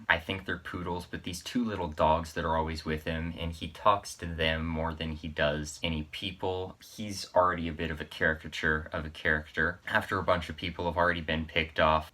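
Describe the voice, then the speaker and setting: A man's voice: sits low, pushed and bright. A man casually recapping a gory death scene from a horror film, rambling and amused by the gore. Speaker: horror vlogger.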